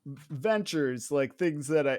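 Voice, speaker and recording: A man playing a smug, self-important businessman in a tabletop game, speaking stiffly with halting pauses. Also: a little high, expressive, darkish tone, dry recording.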